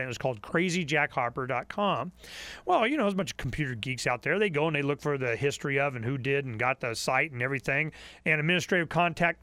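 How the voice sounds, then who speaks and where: Man, talk radio host, fervent repetitive rant, bright forceful voice, dry close sound. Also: fairly high pitch, no echo. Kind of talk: impassioned call-in radio monologue.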